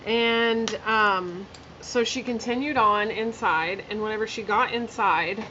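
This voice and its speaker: A woman's voice: mid-range voice, unhurried, bright, forceful tone, highs cut off, a little hiss or hum. A woman telling a personal story in a casual vlog while doing her makeup, chatty and candid, full of fillers and blunt swearing. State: emotional, near tears. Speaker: vlogger.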